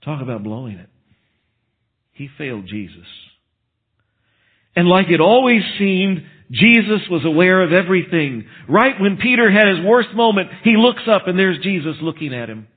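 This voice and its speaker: Animated preacher man, tinny sound. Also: high-pitched, moderate pace, husky. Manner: animated storytelling with asides and chuckles. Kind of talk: sermon.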